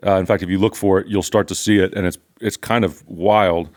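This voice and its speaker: Older pastor guy, really low voice, earnest and emphatic, repeats stuff for punch. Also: fairly even intonation, fairly quick, darkish tone. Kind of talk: conversational Bible teaching.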